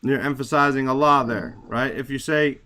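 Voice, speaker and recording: A man's voice: medium pitch, steady tone, moderate pace, pushed and bright. Male teacher explaining grammar patiently. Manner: searching for words, many fillers; repeats "right?" to check understanding. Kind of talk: classroom explanation.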